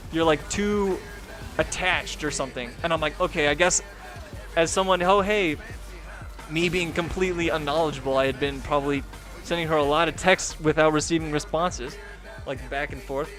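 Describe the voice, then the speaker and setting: A man's voice: on the high side, moderate pace, a bit bright, faint music behind. A young man telling a personal story in a casual, rambling way, full of filler words and swearing. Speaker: gaming streamer and video host.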